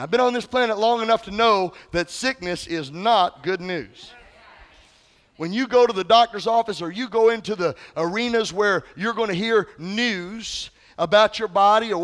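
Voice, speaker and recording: A man's voice: high voice, a bit bright. A male pastor preaching a sermon in a conversational way, often asking the congregation questions.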